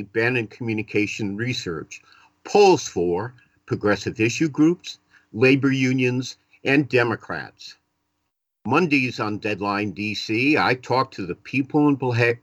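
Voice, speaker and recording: A man's voice: fairly low pitch, fairly bright tone, no room sound. Boston guy hosting talk radio, chatty, lots of uhs, dry close mic. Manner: chatty, self-deprecating, many "uh" fillers. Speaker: radio talk show host.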